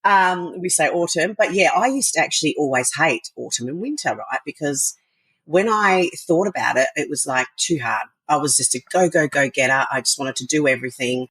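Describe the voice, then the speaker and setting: A woman with an extremely low, creaky, slightly bright and husky voice appears as a podcast guest, a wellness coach in a casual interview chat. She's enthusiastic and rambling, with frequent fillers and laughs, on a low-quality recording with no room sound.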